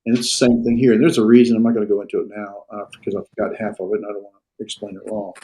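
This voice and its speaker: A man lecturing a classroom on Greek grammar, pausing often on fillers and restarts and checking in with his students. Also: lowish voice, flat delivery, mellow, low-quality recording. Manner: halting, with frequent fillers and restarts. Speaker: Greek teacher.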